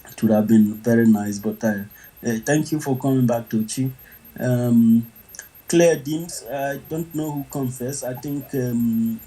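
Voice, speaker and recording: A man from Nigeria hosting an online group audio chat, with halting speech full of fillers and restarts. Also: fairly low pitch, warm tone, rough recording. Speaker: host of an online audio space.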